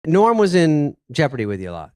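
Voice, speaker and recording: A man's voice: fairly high pitch, huge pitch swings, brisk, warm tone, smooth, no echo, clean studio sound. A man hosting a casual interview, asking for stories and laughing along with them. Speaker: host.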